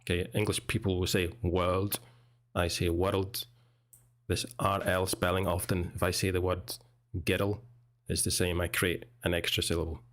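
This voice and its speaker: A man from Scotland with a Scottish accent, teaching English in a relaxed, chatty way as he comments on a video. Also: deep voice, moderate pace. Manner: relaxed, chatty, explains pronunciation.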